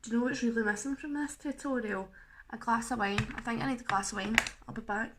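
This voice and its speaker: A woman's voice: fairly high pitch, fast, a little hiss or hum. A young woman chatting casually through a makeup tutorial, self-mocking and chatty, with the odd swear. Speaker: makeup vlogger.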